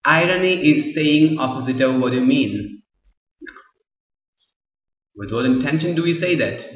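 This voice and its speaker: A man teaching an English literature class, explaining slowly and often repeating himself. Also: medium pitch. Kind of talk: classroom lecture. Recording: roomy echo, far from the mic, dull lo-fi sound.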